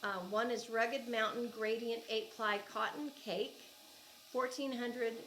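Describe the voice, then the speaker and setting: A woman's voice: fairly high pitch, steady tone, unhurried, a bit bright, slight background noise, low-quality recording. A woman with an Oklahoma accent, chatting casually and gushing as she unboxes yarn at home for her crochet vlog. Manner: chatty, gushing, thinks aloud. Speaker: crochet vlogger.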